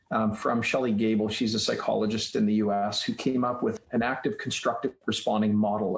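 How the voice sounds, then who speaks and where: A man's voice: on the low side, darkish tone. A man being interviewed on a podcast as a guest author, explaining ideas step by step like a teacher. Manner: explanatory, teacherly, walks through steps. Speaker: guest author, child psychologist. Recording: roomy echoey room sound.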